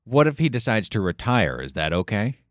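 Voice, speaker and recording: A man's voice: fairly low pitch, big pitch swings, normal speed, dry recording. A man hosting a casual chat and asking questions in a dry, teasing way. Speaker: podcast host.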